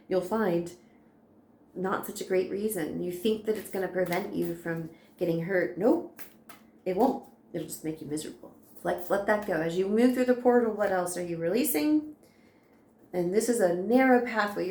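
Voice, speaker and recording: A woman's voice: medium pitch, darkish tone, reverberant. An American woman giving a casual, chatty spiritual card reading, reassuring and laughing often. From United States. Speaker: tarot reader.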